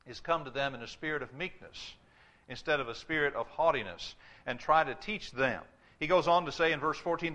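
A man's voice: on the high side, bright, forceful tone. A man preaching a sermon in a church, emphatic, often repeating words and restarting as he stresses a point. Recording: dull lo-fi sermon recording.

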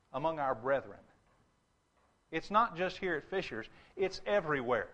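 A man delivers a sermon in a bright, fairly high-pitched voice. He presses his points with emphasis and repetition, slowing down to read scripture aloud. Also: highs cut off. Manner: emphatic, repeats phrases, reads scripture slowly. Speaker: preacher.

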